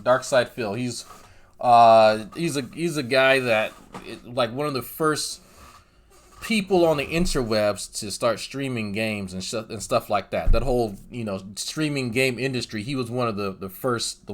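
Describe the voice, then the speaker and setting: A commentary YouTuber with a medium-pitched, slightly bright voice narrates a video in a sarcastic, mocking tone. He repeats words over and over for effect and drops profanity into his asides.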